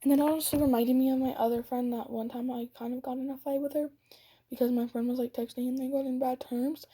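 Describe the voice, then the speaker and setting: Sassy high-voiced teen girl vlogger. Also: steady tone, quick pace, warm tone, slightly rough. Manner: sassy, dramatic, drops into whispers. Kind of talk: storytime rant.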